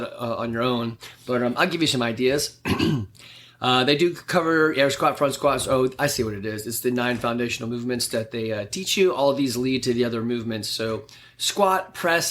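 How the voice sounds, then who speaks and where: A man's voice: mid-range voice, a bit bright. A man hosting his own fitness podcast, explaining workouts in a casual, conversational way with frequent fillers. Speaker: fitness coach and podcast host. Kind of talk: casual solo podcast talk.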